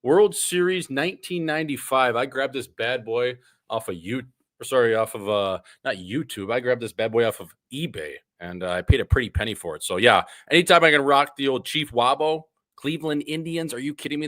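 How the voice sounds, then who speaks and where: A man's voice: medium pitch, lively intonation, a little fast, a bit bright, no room sound. A man from Wisconsin, hosting a podcast in loose, joking banter. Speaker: podcast host. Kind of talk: casual chat.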